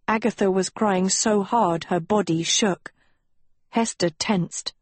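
A woman narrating an audiobook in a deliberate, expressive storytelling manner. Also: on the low side, husky, no room sound.

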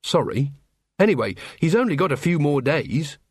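A man voicing an honest, earnest young male constable who talks calmly and cheerfully. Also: a little high, moderate pace, husky, no room sound, studio quality.

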